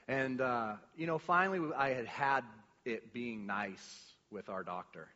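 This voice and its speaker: Guy giving a testimony at church, bright forceful voice, rambly with lots of restarts, big echoey hall. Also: mid-range voice, measured pace. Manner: rambling storytelling with many restarts and filler words; animated, acts out quoted lines. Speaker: church speaker sharing a testimony. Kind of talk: personal testimony to a congregation. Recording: dull recording with long hall reverb.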